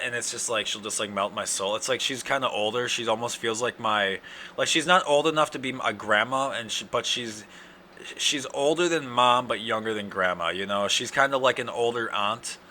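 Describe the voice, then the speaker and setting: A young man with an Upper Midwest accent, hosting a casual solo podcast, ranting and cursing in loud outbursts, his throat dry from yelling. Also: medium pitch, normal speed, a little hiss or hum. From Wisconsin. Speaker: podcast host.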